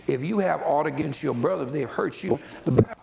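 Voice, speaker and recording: A man delivers a sermon, pastor-style, talking to his listeners like family and repeating himself as he builds a point. His voice sits a little high with a gravelly fry running through it. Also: fast, heavy background noise. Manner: conversational preaching with repetitions and asides.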